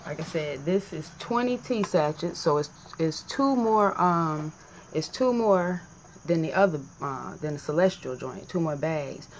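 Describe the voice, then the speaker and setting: A woman vlogging in a casual, animated and profane way, joking as she compares tea bags to camera. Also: sits low, unhurried, a little hiss or hum. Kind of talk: casual chat.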